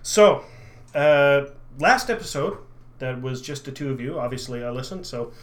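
A man's voice: medium pitch, lively intonation, moderate pace, a little hiss or hum. A middle-aged man co-hosting a podcast, joking and asking quiz questions. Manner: joking, interjecting. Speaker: podcast co-host, quiz master. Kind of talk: casual chat.

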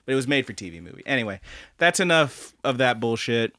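A young man co-hosting a casual podcast, animated and profane, who acts out quoted lines in high, mocking voices. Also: fast talker, no echo, clean studio sound. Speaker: podcast co-host.

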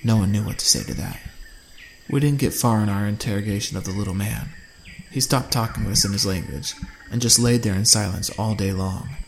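A man narrating a first-person fantasy audiobook in a steady storytelling manner. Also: on the low side, a little fast, vocal fry, a little hiss or hum.

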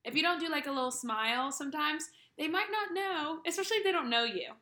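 A young woman co-hosting a casual podcast chat, playful and quick to laugh. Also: high voice, animated, bright, forceful tone. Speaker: podcast co-host.

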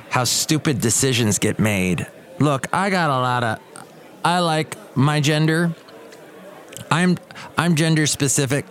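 Rambling middle-aged man telling stories. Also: medium pitch. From Southern California. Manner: rambling, digressive storytelling with asides. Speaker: podcast host. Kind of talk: casual monologue.

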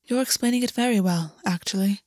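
A woman voicing a stern fey man who is a tender but commanding lover, speaking in a measured, quietly intense way. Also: medium pitch, no echo, studio quality, close to an everyday voice. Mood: intent. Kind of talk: audiobook reading.

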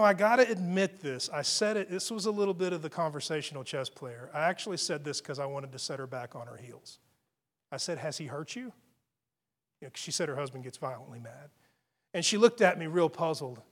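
Male pastor, chatty sermon delivery, voice a touch on the higher side, restarts phrases often. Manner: conversational storytelling, frequent restarts.

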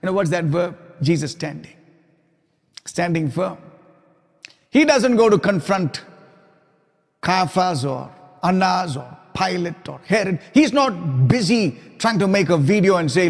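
A man preaching with a high, bright voice that rings out in a hall with a long reverb. He builds his points through repetition and lowers his voice almost to a whisper for quiet moments. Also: lively intonation, measured pace, gravelly, pauses often. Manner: emphatic preaching, dropping to soft whispers for quoted lines. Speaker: pastor. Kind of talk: sermon.

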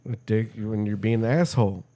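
A man's voice: on the low side, fairly even intonation, a little fast, dark tone. A man co-hosting a podcast, telling stories in casual, profane chat and mocking people's voices. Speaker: podcast co-host.

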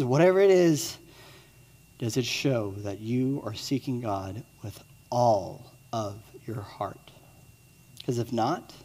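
A man's voice: mid-range voice, husky. Man preaching in a reverberant church hall. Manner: swings from excited storytelling to hushed earnest appeals. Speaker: pastor. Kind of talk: sermon.

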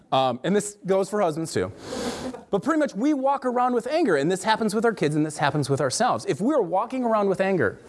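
A middle-aged man, a counselor, giving a faith-based parenting talk in an emphatic way. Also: slight background noise. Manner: animated, emphatic, swings pitch high for emphasis.

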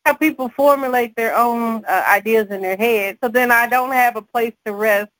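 A woman, a mother and podcast co-host, chatting casually and telling animated stories with frequent laughs. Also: on the high side, moderate pace, no room sound, rough recording. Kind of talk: casual chat.

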